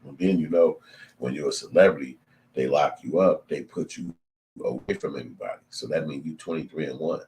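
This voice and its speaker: A middle-aged man, telling a story in profane, animated casual commentary. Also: very deep voice, a little fast. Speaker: channel host.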